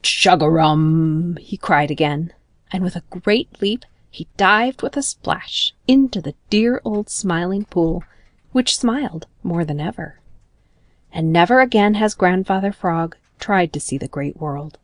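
A woman reads a children's storybook aloud in a gentle, expressive way. Her voice is on the low side for a woman. The recording is dry and close. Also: a little slow, no room sound. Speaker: narrator. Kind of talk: storybook narration.

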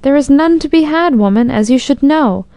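A woman's voice: a little high, moderate pace, warm tone, clean tone, dry recording, natural voice. An indignant, exclaiming town mayor, as a woman puts him on. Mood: amazed, indignant. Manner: exclaiming, commanding. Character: anxious, indignant elderly male town mayor. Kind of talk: storybook narration.

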